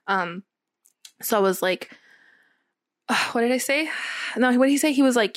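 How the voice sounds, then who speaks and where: A young woman casually telling a long personal story, acting out what was said with lively quoting. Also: fairly high pitch, a little fast, no echo, clean studio sound. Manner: animated storytelling, acts out quotes. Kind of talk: casual chat.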